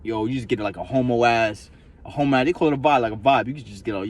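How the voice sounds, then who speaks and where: Male vlogger, mid pitch, loose slangy profane ramble, lots of repetition. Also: fast, slight background noise. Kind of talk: casual rambling monologue.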